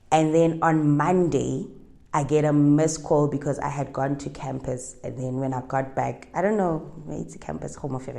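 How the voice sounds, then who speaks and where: A woman's voice: low-pitched, creaky, a little mellow. A young woman with a South African accent telling a personal story in a chatty, winding way, dropping Setswana phrases into her English. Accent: South African, Setswana-speaking. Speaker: interviewee.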